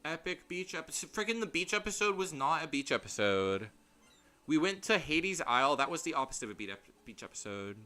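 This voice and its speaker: Very animated and fairly quick, a young man commentates a game on stream in a high-leaning, bright, forceful voice. His let's-play talk is casual, rambling, and chatty, sprinkled with self-deprecating laughs. Game music plays faintly.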